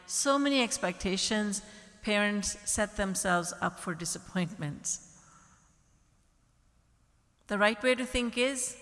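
A woman's voice: mid-range voice, fairly bright tone. A woman spiritual teacher giving a discourse, telling stories with acted-out quotes and emphatic repetition. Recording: long hall reverb.

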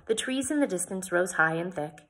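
A woman's voice: on the low side, animated, normal speed, a bit bright. A woman reading a novel aloud, with plain narration and chatty comments between passages.

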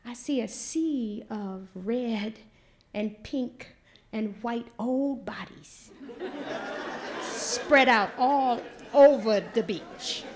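Gravelly woman telling a story. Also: fairly high pitch, extremely slow, noisy background. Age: 40s. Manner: animated, vernacular, acts out quotes loudly. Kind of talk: live stage storytelling. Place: stage before an audience.

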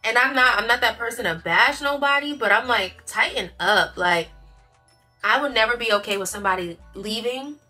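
Young woman ranting in a storytime vlog, super bright forceful voice, slangy and emphatic, little bit of music under it. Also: fairly high pitch, brisk. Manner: animated, emphatic, slangy venting. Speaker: vlogger. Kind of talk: casual storytime chat.

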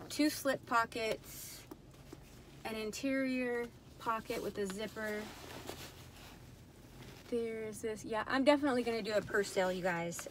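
A woman's voice: medium pitch, a little hiss or hum. A woman chatting casually in a haul vlog, talking to herself, frustrated, addressing viewers as y'all and you guys. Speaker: purse reseller vlogger. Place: indoors at night, dim room.

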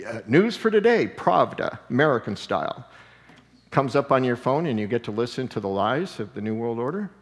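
A man preaching a sermon as pastor, animated and conversational, often slipping into quoted voices and chuckling. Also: medium pitch, big-room sound. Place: church sanctuary.

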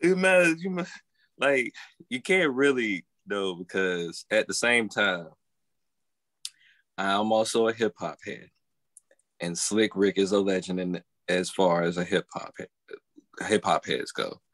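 A man's voice: on the low side, measured pace, long pauses, fairly bright tone, no room sound. A man co-hosting a podcast, talking casually. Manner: hesitant, hedging. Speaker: podcast co-host. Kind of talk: casual debate chat.

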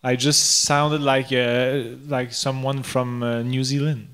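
Slow, halting man. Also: medium pitch, little pitch movement, fairly bright tone, smooth. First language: French. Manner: halting, searching for English words. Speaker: podcast co-host. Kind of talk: casual chat.

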